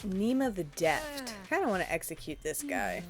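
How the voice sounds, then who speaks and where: A woman narrating a game in casual, sarcastic let's play commentary. Her voice sits at a medium pitch, and she jokes about her own villainy in a chatty manner. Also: sing-song, moderate pace. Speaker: gaming video creator.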